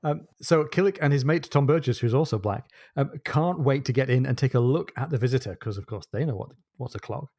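A man's voice: medium pitch, fairly quick, hardly any pauses, a little mellow, no echo, clean studio sound. A man hosting a podcast, retelling a novel's plot with enthusiasm and wry asides. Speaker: podcast host. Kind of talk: casual book discussion.

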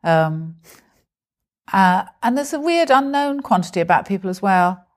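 A woman's voice: medium pitch, lively intonation, a little slow. A woman, a stand-up comedian, chatting animatedly in an interview and acting out the voices of people in her stories. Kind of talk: conversational interview.

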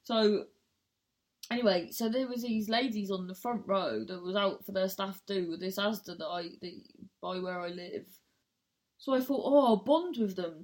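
Sweary, rambling southern English woman. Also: medium pitch. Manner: sweary, rambling, animated storytelling. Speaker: stand-up comedian hosting a podcast. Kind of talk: casual chat.

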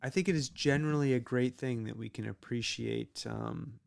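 A man's voice: mid-range voice, moderate pace, creaky, no echo, clean studio sound. A man hosting a casual group podcast chat, earnest and hesitant with many ums. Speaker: podcast host.

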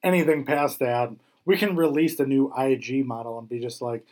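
A man's voice: medium pitch, steady tone, normal speed, a little mellow. Loose, laughing man chatting. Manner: swears freely, laughs often. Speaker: podcast co-host. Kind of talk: casual chat.

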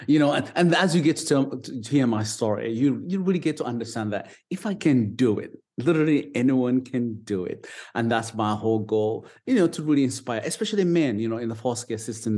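A man's voice: medium pitch, a little mellow. Earnest man with a Ugandan British accent. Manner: earnest, upbeat, with small restarts. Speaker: guest, foster dad and advocate. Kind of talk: conversational interview.

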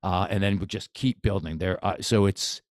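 Guy w a lowish voice, boxing coach on a podcast, gets all excited and rambles, dry close sound. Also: moderate pace, no room sound. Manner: enthusiastic, rambling with restarts. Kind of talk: casual interview chat.

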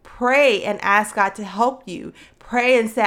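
A woman's voice: fairly high pitch, slow pace, hardly any pauses, a bit bright. A young woman hosting a faith show, speaking in an earnest, conversational way and calling her listeners sis. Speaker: faith podcast host. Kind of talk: encouraging faith talk to listeners.

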